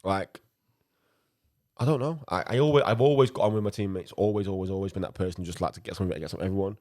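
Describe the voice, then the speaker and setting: Deep fast-talking keeper. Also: male voice, darkish tone. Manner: halting, repeats words and restarts. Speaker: podcast co-host, goalkeeper. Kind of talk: casual chat.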